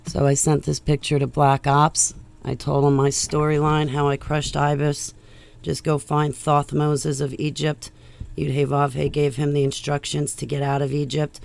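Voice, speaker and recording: A woman vlogger talking loudly in a rambling monologue that jumps from one tangent to the next. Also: low voice, monotone, normal speed, vocal fry. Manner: loud, rambling, jumps between topics.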